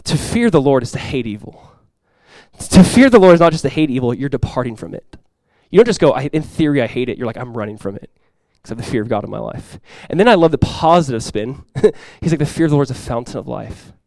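A young adult man, a pastor, preaching a sermon in a casual, animated storytelling way. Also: mid-range voice, no echo, rough recording.

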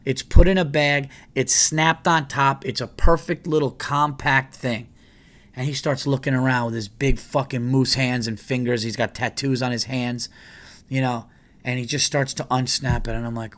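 A man telling a long story in casual podcast chat, profane and animated, jumping into exasperated quoted asides. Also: mid-range voice, fairly quick. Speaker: podcast host.

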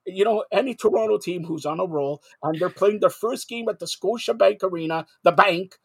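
A sarcastic male sports talk host with a fairly high voice who turns loud and sing-song when he gets going. He talks hockey in a casual, animated way. The sound is dry and close, with no room around him. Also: fairly quick, vocal fry, breathy edge, no room sound.

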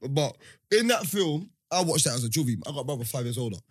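A young man, telling funny childhood stories in a relaxed chat with friends, full of slang and laughter. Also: a little high, fast talker, husky, dry recording, clean studio sound. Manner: animated storytelling, laughs often, slangy. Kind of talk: casual chat.

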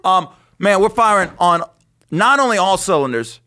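Male podcast host, cocky and playful, a bit higher-pitched than most men, swears a lot and throws out radio-style shout-outs. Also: lively intonation, normal speed. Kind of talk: casual podcast banter.

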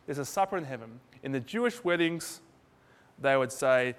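A man's voice: mid-range voice, expressive, normal speed. A man preaching a sermon in a loose, conversational way, acting out little dialogues in different voices. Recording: hall reverb.

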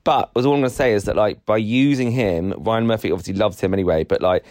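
Low-voiced rambling man, dry sound. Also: fast talker, no echo. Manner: rambling, laughs often, voice jumps high when excited. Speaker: podcast co-host. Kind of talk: casual chat.

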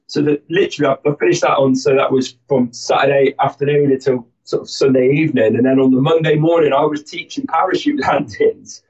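A man's voice: mid-range voice, fairly even intonation, fairly quick, few pauses, a little mellow. Rambling man, muffled and distant. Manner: rambling, many restarts and fillers. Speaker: guest, army instructor. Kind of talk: casual interview storytelling.

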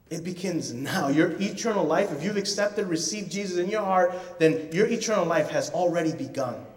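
A man in his thirties preaching a sermon as a pastor, earnest and conversational, repeating words for emphasis. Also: fairly high pitch. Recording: echoey hall, voice from far off.

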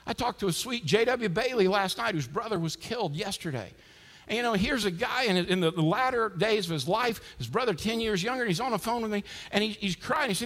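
A man preaching a sermon as a pastor, swinging between loud, emphatic lines and hushed ones. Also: sits high, animated, quick pace. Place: church sanctuary with a congregation. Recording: long reverb from a large hall.

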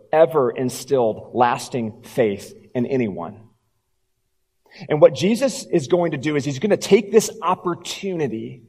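A pastor preaching a sermon, telling the story and dropping low and quiet for emphasis. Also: male voice, slightly rough, in a large hall.

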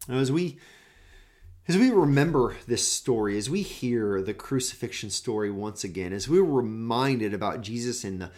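Male pastor, mid-pitched voice, earnest devotional teaching with dramatic scripture reading that swings from loud to hushed. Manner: earnest, repeats words while searching for phrasing. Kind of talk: daily devotional Bible teaching.

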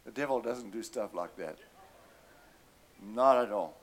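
A man's voice: fairly low pitch, animated, measured pace. A man preaching a sermon, telling a story animatedly and calling out to his congregation.

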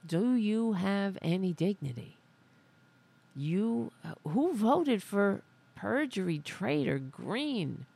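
A woman's voice: medium pitch, big pitch swings, slow, gravelly, warm tone, a little hiss or hum. A woman hosting a casual political livestream, ranting in an angry, profane and sarcastic way. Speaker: host.

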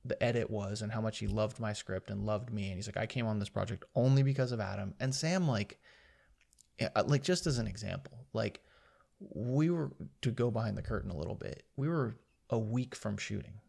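A man with a low, gravelly voice tells behind-the-scenes stories in a relaxed podcast conversation. He animates his anecdotes by acting out what people said to him. His speech is loose and peppered with swearing. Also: a little fast. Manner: animated storyteller, acts out quoted dialogue, swears freely. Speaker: guest filmmaker. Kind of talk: casual podcast storytelling.

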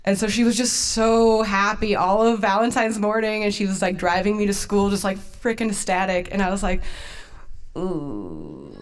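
A young woman telling a funny personal story as host of a storytelling evening. She talks casually in a mid-range voice, mocks herself, and slips into laughter often. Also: mid-range voice.

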